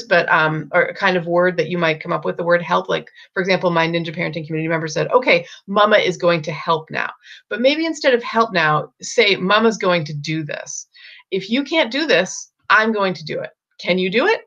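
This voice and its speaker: A middle-aged woman talks parents through a problem in a casual, unscripted way, stopping often with ums and restarting her sentences. Her voice sits low with a gravelly fry. The recording sounds dull and lo-fi. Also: sharp tone. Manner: thinks aloud with many ums and restarts. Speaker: parenting coach. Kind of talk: casual advice talk.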